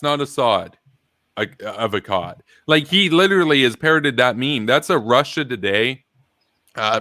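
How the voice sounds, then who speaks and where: A man's voice: mid-range voice, fairly bright tone, dry recording, clean studio sound. A man hosting a live political stream, talking casually and with animation, reading chat messages aloud and laughing often.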